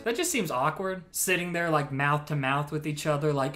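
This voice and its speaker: A young man from the Midwest delivers mocking, exasperated comedy commentary in a slightly high voice. He swears casually and piles on the sarcasm. Faint music sits low behind him. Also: moderate pace, few pauses, pushed and bright. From American Midwest. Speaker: comedy YouTuber.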